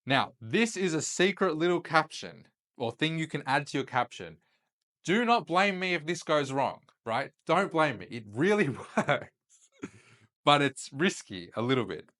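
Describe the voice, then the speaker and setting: A man's voice: a little high, sing-song, unhurried, a bit bright. Chatty young man coaching to camera. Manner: loose and chatty, checks in with "right?" after points. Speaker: host and chat-sales coach. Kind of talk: casual instructional talk to camera.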